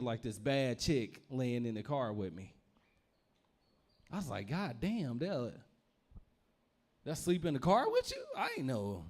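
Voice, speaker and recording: A young man from Louisville, Kentucky, rambles through a stand-up set, circling back and repeating his phrases. His voice sits somewhat high and swings widely in pitch as he tells it. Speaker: stand-up comedian.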